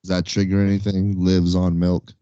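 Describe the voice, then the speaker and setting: A man hosting a podcast, talking in a flat, matter-of-fact way. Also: low voice, moderate pace, clean tone, no echo, lo-fi sound. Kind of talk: casual chat.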